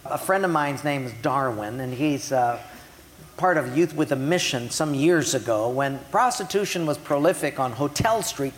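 A pastor preaching a sermon, retelling scripture in everyday words and slowing down to stress key points. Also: male voice, a little high, long reverb tail. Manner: retells scripture in a casual way, slows down for emphasis.

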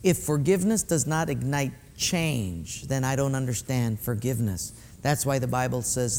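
A man's voice: mid-range voice, normal speed, few pauses, darkish tone, slight background noise. A male pastor preaching a sermon in a conversational way, speaking directly to his congregation in a church sanctuary. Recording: echoey hall.

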